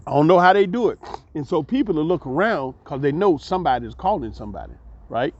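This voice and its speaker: A man telling a long personal story as a vlogger, animated and acting out the voices of the people in it. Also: fairly high pitch, fast talker, slight background noise. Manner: animated, acts out voices, laughs mid-story. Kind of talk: storytelling monologue. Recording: dull lo-fi recording.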